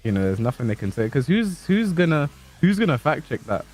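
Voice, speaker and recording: A man's voice: a little high, sing-song, a little fast, a little mellow, soft background music. A man co-commentating a fighting game tournament stream, riffing in a rambling way with lots of fillers.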